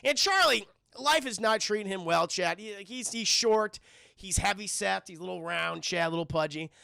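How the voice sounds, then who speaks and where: Excitable, profane young man. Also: high voice, normal speed, creaky, clean tone, no room sound, studio quality. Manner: excitable, profane, acts out voices. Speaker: streamer reviewing a cartoon. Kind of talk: animated episode recap to live chat.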